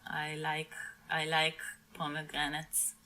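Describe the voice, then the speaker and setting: A woman putting on an Israeli actress who is coy and quietly full of herself, speaking with a soft Israeli accent. Her voice is bright and her delivery is slow and halting. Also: low voice, completely flat delivery, voice pushed down, heavily acted. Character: impression of a famous actress, woman, 30s, shyly boastful.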